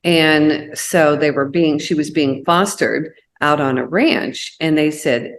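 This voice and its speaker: Low-pitched texas woman telling stories, animated, does the voices of people she quotes. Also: slow pace, few pauses. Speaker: co-host. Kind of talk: casual chat.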